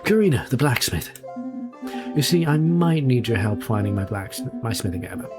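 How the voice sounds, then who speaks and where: Play a boastful, energetic woman blacksmith, done by a man reading a game. She talks brashly and quickly, and her put-on accent keeps shifting. Music runs underneath. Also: medium pitch, close to an everyday voice.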